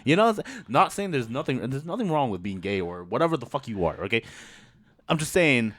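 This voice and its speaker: A man co-hosting a podcast, loud and expressive, telling a story with lots of laughter. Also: medium pitch, fairly quick. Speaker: podcast co-host. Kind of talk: casual chat, storytelling.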